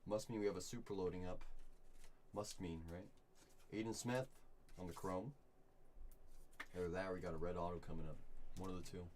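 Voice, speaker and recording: A man hosting a live card break, chatting with viewers and calling out each pull with bursts of excitement. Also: low voice, brisk, long pauses, a little hiss or hum. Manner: upbeat, chatty, reads chat and calls out pulls with bursts of excitement.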